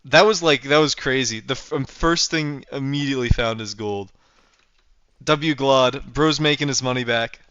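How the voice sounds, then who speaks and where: A man's voice: medium pitch, normal speed, a bit bright, clean tone, no room sound, lo-fi sound. A young man livestreaming a game, chatting casually and rambling playfully as he thinks aloud while building. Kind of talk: casual gameplay livestream chat.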